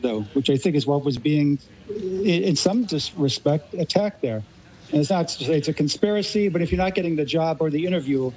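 Radio guest: American man, slightly high-pitched, talks in long, thoughtful explanations. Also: darkish tone, poor audio. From Los Angeles, United States. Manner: articulate, expansive explanations. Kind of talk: radio discussion.

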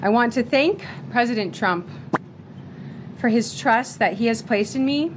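A woman speaking as a press secretary, delivering a slow, rehearsed briefing. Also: on the high side, lively intonation. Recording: played-back clip with clear background noise.

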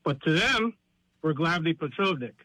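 A man's voice: a little high, animated, moderate pace, sharp tone, rough recording. Rambling wry male caller. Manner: rambling, wry, full of asides. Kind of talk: casual call-in chat.

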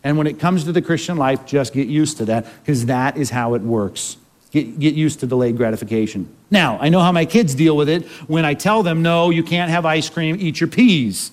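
A man's voice: fairly high pitch, brisk, darkish tone. A male pastor preaching a sermon in a conversational way, full of rhetorical questions.

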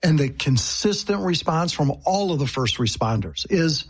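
A man's voice: a little high, lively intonation, moderate pace, husky. A man appearing as a guest, speaking in an appreciative way in a casual interview.

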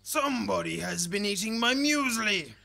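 A woman's voice: medium pitch, animated, moderate pace, vocal fry, pushed and bright, pitched above the performer's own voice, exaggerated voice. A woman voicing a big grumpy papa koala in a growly, grumbly, bellowing voice, reading a storybook. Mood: grumbling.

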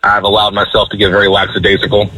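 A man's voice: lowish voice, monotone, quick pace, bright, forceful tone, slightly rough, no room sound, poor audio. A man from Georgia calling in to a morning radio show, polite and a little formal. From Georgia, USA. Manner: polite, slightly formal wording. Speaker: caller. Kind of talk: phone-in chat on radio.

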